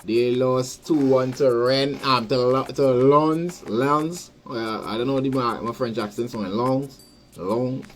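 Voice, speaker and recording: Trinidadian male podcast host, mid-pitched, loose rambling sports chatter, faint hiss behind. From Trinidad and Tobago. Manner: rambling, repeats words, shouts out listeners. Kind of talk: casual live sports chat.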